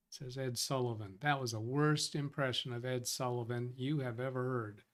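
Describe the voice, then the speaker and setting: A man's voice: mid-range voice, fairly even intonation, moderate pace, hardly any pauses, fairly bright tone. A man hosting a tech support live stream, thinking aloud as he reads out viewer comments and corrects himself. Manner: rambling, self-correcting. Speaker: tech support livestream host. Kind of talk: casual live-stream chat.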